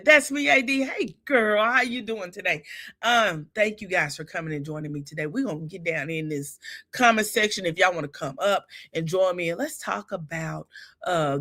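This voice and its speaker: Bright-voiced woman hosting a livestream. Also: fairly low pitch. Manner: animated, Southern-style endearments like honey and child. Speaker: livestream host. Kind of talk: casual live chat recap.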